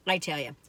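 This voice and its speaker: Older woman vlogger, bright, rambling storyteller. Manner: chatty and rambling, acts out quoted voices. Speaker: food reviewer vlogger. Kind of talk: casual storytelling chat to camera.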